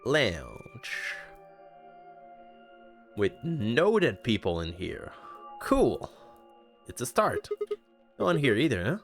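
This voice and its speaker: A man's voice: medium pitch, huge pitch swings, slow pace, long pauses, soft background music. A man from Canada giving chatty let's-play commentary, laughing often as he reads the game and reacts. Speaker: gaming streamer.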